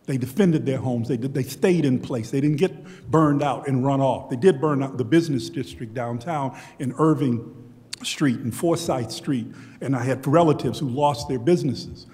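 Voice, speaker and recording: A man in his sixties from Beaumont, Texas, US, shares personal stories on a history panel, reflective and conversational, often restarting sentences. His voice is medium-pitched and warm at a moderate pace, with long hall reverb.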